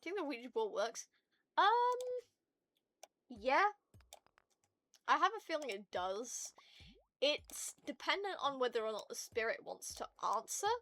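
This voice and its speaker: A woman streaming to her viewers in casual chat, ranting in an animated and profane way. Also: high-pitched, a little slow, pauses often.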